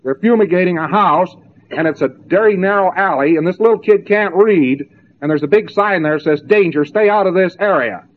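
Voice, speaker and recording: A man's voice: high voice, a little fast. A man giving a spoken lecture, mocking and sarcastic as he tells stories to make his point. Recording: tinny narrow-band old tape.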